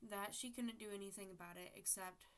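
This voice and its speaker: A woman's voice: medium pitch, fairly even intonation, brisk. A teenage girl casually telling a personal story to her viewers, acting out text messages with lots of fillers. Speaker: storytime vlogger.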